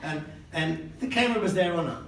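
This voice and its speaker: A man's voice: fairly high pitch, brisk. Joking older man giving a wedding speech. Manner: joking and self-mocking, laughing between lines. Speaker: father of the bride. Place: wedding reception hall, indoors. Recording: echoey hall, distant and noisy.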